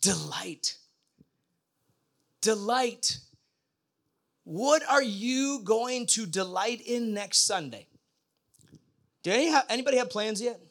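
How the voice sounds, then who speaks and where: A man's voice: very high-pitched, animated, measured pace, fairly bright tone. A middle-aged man preaching a sermon in a conversational way, often putting questions to the congregation. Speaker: pastor.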